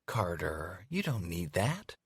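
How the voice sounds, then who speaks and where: A man voicing a sharp-tongued young woman talent agent in an audiobook, mocking and sweetly teasing. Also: medium pitch, big pitch swings, normal speed, breathy edge, no echo, clean studio sound, voice pushed up. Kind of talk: audiobook character voice.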